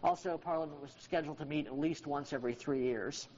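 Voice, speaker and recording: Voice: medium pitch, fast, darkish tone, muffled recording, a little hiss or hum. A history teacher giving an informal classroom lecture, with frequent ums and uhs and asides to students by name.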